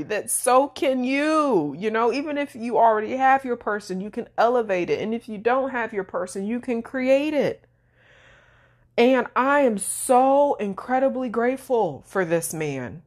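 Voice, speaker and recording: Slow teary woman podcaster, gets choked up and laughs through it, talks right to listeners. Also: mid-range voice. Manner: emotional, tearful, laughing through tears. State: tearful. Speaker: podcast host. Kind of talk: heartfelt solo podcast talk.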